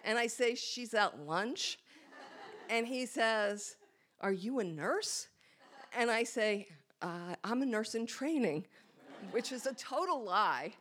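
A woman's voice: fairly high pitch, expressive, slow pace, fairly bright tone, slight background noise. A woman telling a candid, self-mocking personal story on stage before a live audience, acting out her own thoughts as she goes. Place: small hall with a live audience.

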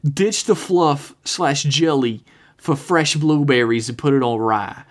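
A man's voice: mid-range voice, measured pace, lightly acted. A man voicing a jokey, boisterous male sports fan in a put-on Boston accent, reading out a listener's email.

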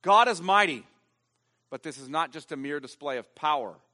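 A man preaching a sermon as pastor, emphatic, swinging from loud stressed lines to hushed ones. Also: a little high, animated, normal speed, big-room sound.

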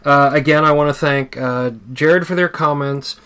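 A man's voice: a little high, normal speed, bright, forceful tone, smooth. Man hosting a rambling podcast chat. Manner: rambling, many fillers and restarts. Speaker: podcast host. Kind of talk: casual chat.

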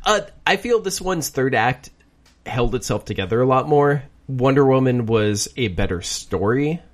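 A young man co-hosting a casual chat, his pitch leaping around in a lively way. He recaps eagerly and goofs around, slipping into silly voices. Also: moderate pace. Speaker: podcast co-host.

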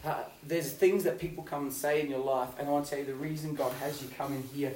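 A man preaching a youth sermon, telling stories with swings from loud to hushed. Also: on the high side, steady tone, quick pace, slight background noise. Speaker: youth pastor. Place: youth hall. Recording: roomy hall, voice from far off.

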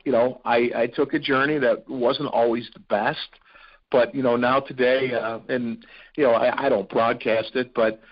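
A man's voice: mid-range voice, steady tone, moderate pace, highs cut off. A man from Ohio, a podcast guest, telling personal stories in an earnest, rambling way with many fillers and restarts. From Ohio, USA. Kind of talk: storytelling in a podcast interview.

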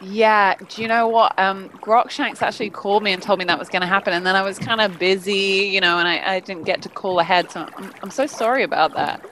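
A woman's voice: medium pitch, fairly even intonation, brisk, hardly any pauses, a bit bright, a little hiss or hum, lightly acted, poor audio. A woman playing a bubbly chatty holidaymaker. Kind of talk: improvised comedy audio.

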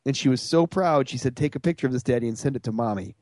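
A man's voice: mid-range voice, fast talker, a little mellow, dry recording. A man co-hosting a podcast, telling stories in casual chat with a self-mocking tone. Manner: self-mocking storyteller, acts out voices. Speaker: podcast co-host.

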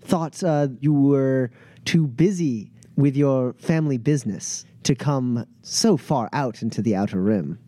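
A man's voice: mid-range voice, a little slow, mellow, no echo, natural voice. A man voicing a charming, scheming male smuggler who talks in a silky, falsely friendly way.

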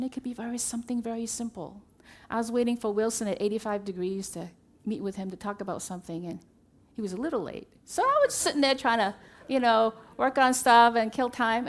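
Earnest woman telling a church testimony. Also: fairly high pitch. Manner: earnest storytelling, acting out remembered dialogue. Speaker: church member sharing a testimony. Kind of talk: personal testimony talk.

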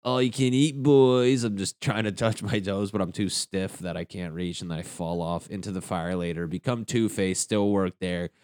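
A man's voice: deep voice, steady tone, normal speed, hardly any pauses, a little mellow, dry recording, clean studio sound. A young man doing a crude, rambling stand-up comedy rant. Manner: crude, rambling, jumps into silly voices.

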